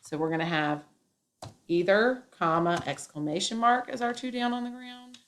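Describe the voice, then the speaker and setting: A woman's voice: mid-range voice, normal speed, a little hiss or hum. A woman teacher giving a classroom grammar lesson, explaining step by step and acting out example sentences with emphasis.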